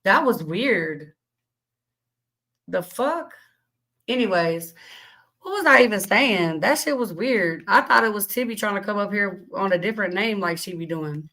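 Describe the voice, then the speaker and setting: Her voice is mid-range and expressive, paced in a measured way and a bit bright, heard on a rough recording. She's a young adult woman hosting a livestream, reading chat aloud and ranting bluntly with constant cursing and indignant questions in a heated, profane outburst.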